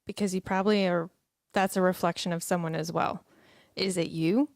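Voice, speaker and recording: A woman in her thirties co-hosts a casual morning show in a plain, conversational voice, often backing her partner up with quick affirming murmurs. Her voice sounds close and dry, with no room echo. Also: fairly low pitch, steady tone. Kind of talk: casual chat.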